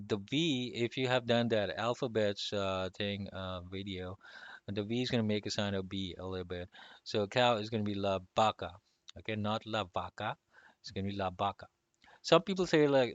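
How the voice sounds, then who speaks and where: Give me a man giving a laid-back lesson in a clear, resonant voice, dry and a bit dull. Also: lowish voice, no room sound. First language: not Spanish. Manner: relaxed, many fillers, chuckles often. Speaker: language teacher. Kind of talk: casual online lesson.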